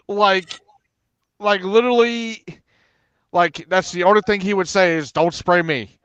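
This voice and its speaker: Panelist, man, rambling filler-heavy storyteller; fairly high, smooth, dry. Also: slow pace, pauses often, fairly bright tone, no echo, muffled recording. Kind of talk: casual chat.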